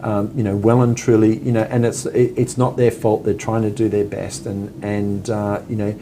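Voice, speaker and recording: A Western Australian man co-hosting a casual chat, talking earnestly and haltingly with many fillers. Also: fairly low pitch, flat delivery, dark tone, slight background noise. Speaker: co-host.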